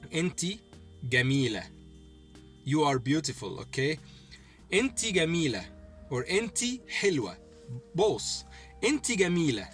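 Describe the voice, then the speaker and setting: Male teacher, lively higher voice, soft music behind, repeats phrases. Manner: repeats phrases slowly, often asks "okay?". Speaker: Arabic teacher. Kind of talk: language lesson.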